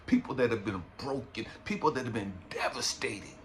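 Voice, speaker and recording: Man speaker, emotional monologue, bright tense tone, hushed to shouting, faint background hiss. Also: expressive, normal speed. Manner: swings from low hushed talk to raw shouting; emotional, swearing, pleading. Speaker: inspirational speaker. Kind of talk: impassioned motivational monologue.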